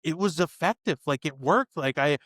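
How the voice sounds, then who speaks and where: A man's voice: fairly high pitch, normal speed, fairly bright tone, no echo, studio quality. A man co-hosting a movie review podcast, talking casually and animatedly, swearing and acting out scenes. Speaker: podcast co-host.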